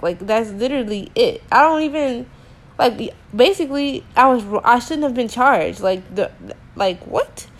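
A young woman telling a frustrating story to camera in a casual rant, exasperated and slangy, with many filler words. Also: on the high side. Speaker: teacher.

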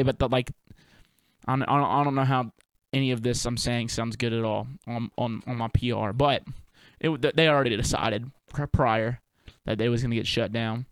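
A man's voice: medium pitch, fairly bright tone, clean tone, no room sound. Laid-back young man rambling, dry sound. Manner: loose, profane, stream-of-consciousness musing; laid-back slang with many fillers. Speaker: podcast host and touring performer. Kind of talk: rambling solo podcast monologue.

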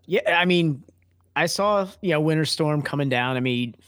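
A man's voice: a little high, normal speed, fairly bright tone, clear, resonant tone, dry recording, clean studio sound. A man co-hosting a podcast, chatting casually over a beer, joking and rambling, with frequent laughter. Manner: jokey, rambling, laughs often. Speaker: podcast co-host.

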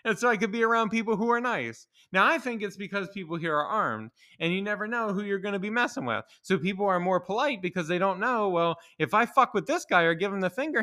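A man's voice: high voice, sharp tone. A young man hosting a solo podcast, ranting with opinions, swearing a lot and laughing as he talks. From Maryland. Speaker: podcast host.

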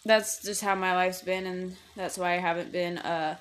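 A woman's voice: fairly low pitch, fairly even intonation, moderate pace. A young woman hosting her own podcast, rambling casually with lots of fillers, restarts and swearing. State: headache, distracted while playing a game. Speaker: podcast host. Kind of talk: casual chat.

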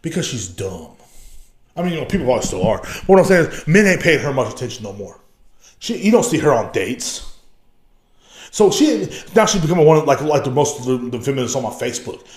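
A man's voice: mid-range voice, sing-song, a little fast, a little mellow. Young man, podcast host, profane, rambling, casual rant.

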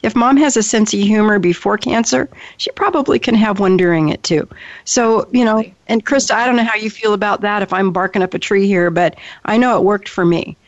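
A woman's voice: mid-range voice, brisk, no room sound. A woman co-hosting a radio talk show, telling a family story with frequent laughter. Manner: warm storytelling, laughs often. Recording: dull lo-fi radio audio.

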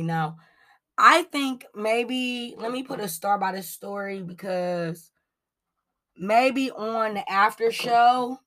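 Lady doing celeb gossip, super chatty, lots of like and um, mid pitch. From Cleveland, Ohio. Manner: chatty, lots of "like" and "um", animated asides. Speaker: celebrity gossip podcast host. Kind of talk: casual gossip commentary.

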